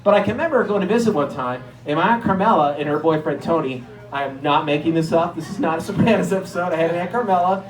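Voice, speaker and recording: A male stand-up comedian with a fairly high voice, telling stories in a loose, conversational, self-deprecating way. He is recorded in a roomy space with a strong echo. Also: quick pace. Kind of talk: stand-up routine. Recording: echoey room.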